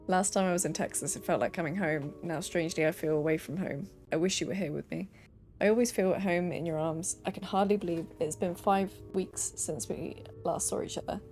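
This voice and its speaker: A woman's voice: lowish voice, fairly quick, darkish tone, soft background music. A young woman streaming a game, reading letters and notes aloud with playful asides.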